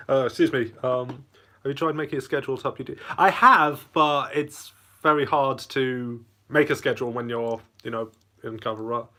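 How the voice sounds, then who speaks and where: A man's voice: medium pitch, pushed and bright. A man hosting a casual live Q&A, reading chat aloud and rambling between bites of lunch. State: eating lunch while talking. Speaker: channel host.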